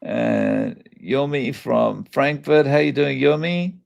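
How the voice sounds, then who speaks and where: A man's voice: fairly high pitch, lively intonation, takes it slowly, creaky, a little mellow, lo-fi sound. A man with an Australian accent hosting a casual live stream, greeting viewers by name and chatting. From Scotland, raised in Australia. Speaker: live show host. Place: Japan.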